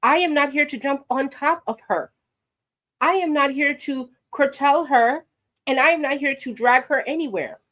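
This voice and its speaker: A commentary vlogger from New York, she speaks in a high-pitched voice at an ordinary pace. Her opinionated talk to camera is sassy and animated, aimed straight at viewers.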